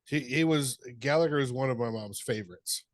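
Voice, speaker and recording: A man's voice: medium pitch, a little fast, no echo. A middle-aged man co-hosting a podcast, chatting casually, telling funny stories, laughing and swearing freely. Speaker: podcast co-host. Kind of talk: casual chat.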